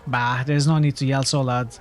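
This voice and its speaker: A man voicing a grumpy male tavern keeper with a gruff, grumbling manner. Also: mid-range voice, flat delivery, moderate pace, natural voice.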